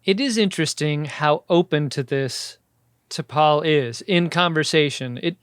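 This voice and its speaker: Male podcast co-host, slightly high and clear, dry close mic, crude jokey banter. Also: a little slow, no room sound. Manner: crude, joking, acts out quotes. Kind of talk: casual comedic chat.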